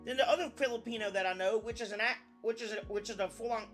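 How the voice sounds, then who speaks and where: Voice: medium pitch, quick pace, fairly bright tone, faint music behind. A young adult VTuber chatting casually on a live stream, rambling, often restarting sentences and swearing now and then.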